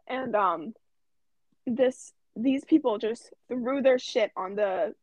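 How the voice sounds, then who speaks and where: A teenage girl co-hosting a podcast, telling an animated work story and swearing freely. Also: fairly high pitch, slow pace, a little hiss or hum. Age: teens. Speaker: podcast co-host. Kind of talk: casual chat.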